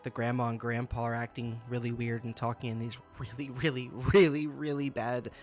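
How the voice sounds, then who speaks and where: A man's voice: medium pitch, little pitch movement, a little fast, faint music behind. A young man hosting a casual review channel, exasperated and laughing, often stammering and repeating himself. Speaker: booktuber host.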